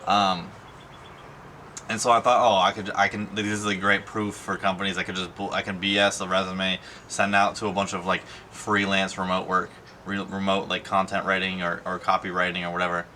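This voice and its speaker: A man's voice: low voice, flat delivery, brisk, pushed and bright, slight background noise. A young man talking in a casual personal vlog, rambling and emotional, with many fillers and restarts. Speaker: vlogger.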